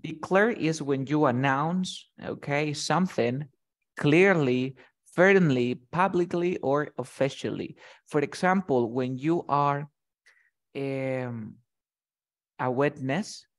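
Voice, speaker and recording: A man's voice: a little high, slow pace. A man teaching English vocabulary in conversation, explaining each word with short acted example lines and often checking that his student follows.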